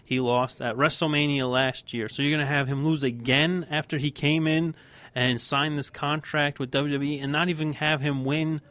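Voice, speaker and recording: A man's voice: on the high side, steady tone, normal speed, fairly bright tone, dry recording. A man co-hosting a casual wrestling podcast, talking in a heated, emphatic rant. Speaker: podcast co-host.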